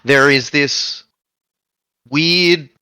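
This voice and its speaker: A man's voice: on the high side, extremely slow, pushed and bright, clear, resonant tone, no echo. A man narrating a tabletop game as game master, describing scenes with frequent fillers.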